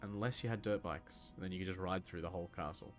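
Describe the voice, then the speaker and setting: Faint music plays behind this young gaming host from Scotland as he talks fast in a low voice. He drifts through rambling gameplay commentary, answers questions from chat, and often says um or starts over.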